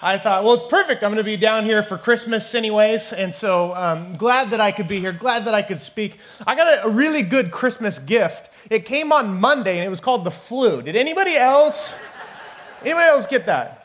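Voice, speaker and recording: A man's voice: sits high, brisk. A man from Northern California, a guest preacher giving a conversational, joking sermon in a church. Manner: conversational, joking, animated storytelling.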